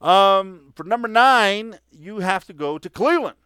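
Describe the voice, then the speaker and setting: A man's voice: high-pitched, expressive, measured pace, sharp tone, smooth, dry recording, clean studio sound. A man hosting a sports podcast, talking casually and full of opinions, with frequent "uh" fillers. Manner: chatty, opinionated, with many fillers. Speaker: podcast host.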